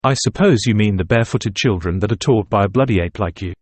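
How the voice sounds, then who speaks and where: A man voices a brutish young student who talks in blunt, scornful jabs in this audiobook. At times his voice jumps up sharply. The low, husky delivery is recorded close and dry. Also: fast, dry recording. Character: rude, brutal young male student.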